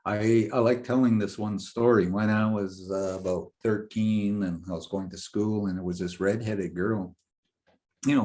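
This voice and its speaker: Middle-aged man, fairly low voice, casual interview guest, animated storyteller, laughs as he speaks. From Indigenous North American community. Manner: animated storyteller who laughs through his tale.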